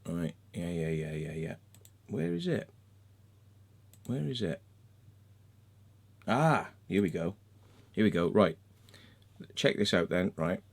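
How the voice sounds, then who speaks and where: Deep, creaky and sing-song, this man speaks slowly with long pauses. A vlogger and crop circle maker, he mutters as he searches his screen in a screen-share vlog, then rants furiously with nonstop swearing and repetition.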